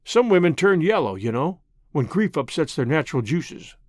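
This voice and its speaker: A sardonic, irritable doctor, as a male reader does him speaks quickly and drily in an audiobook. The voice is fairly high for a man and lively in pitch. The recording is close and dry. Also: no room sound. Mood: storytelling. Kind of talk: audiobook reading.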